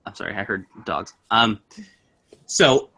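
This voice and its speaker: A man's voice: fairly low pitch, a little slow, slightly rough. A young man casually telling a spooky story, acting out the voices in it. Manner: animated, acts out voices in his story.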